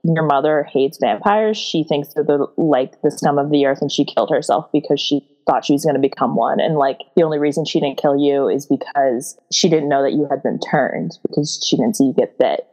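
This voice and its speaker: A woman's voice: deep voice, fairly quick, hardly any pauses, a little mellow, lo-fi sound. A woman co-hosting a casual podcast, recapping a book in a rambling way with lots of fillers and giggles. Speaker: podcast co-host.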